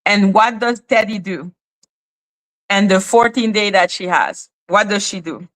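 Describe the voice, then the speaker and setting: A woman's voice: mid-range voice, unhurried, fairly bright tone. A woman hosting a commentary channel, ranting in exasperated, profane rhetorical questions, with a slightly non-native accent. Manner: says she speaks with a non-native accent. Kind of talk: ranting commentary on a court case.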